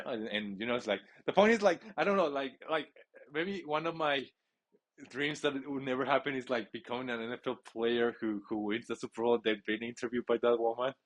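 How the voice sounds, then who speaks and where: Excitable rambling man narrating his gameplay. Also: mid-range voice, fairly quick. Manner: excitable, rambling, with frequent restarts. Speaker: gamer playing a football video game.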